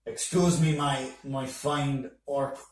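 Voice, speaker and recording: A man's voice: mid-range voice, steady tone, slow pace, a little mellow, close to an everyday voice. A man voicing a proud, boastful male dwarf blacksmith who talks with swagger, recorded in an echoey room from a distance. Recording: roomy, distant mic with faint noise.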